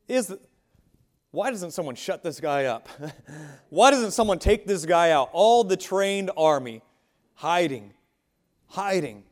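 Man preaching a lively sermon. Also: fairly high pitch. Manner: preaching with swings between soft asides and raised exclamations. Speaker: pastor.

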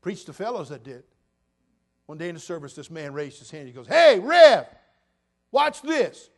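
A man's voice: a little high, a little fast. Man in his sixties preaching a sermon. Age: 60s. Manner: preaching with sudden loud bursts and quiet drops. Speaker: pastor.

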